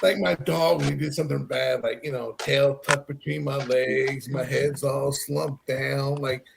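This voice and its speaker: A man from Texas telling a long story in a rambling, animated way, full of fillers. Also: medium pitch, a little slow, creaky, noisy background. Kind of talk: casual storytelling.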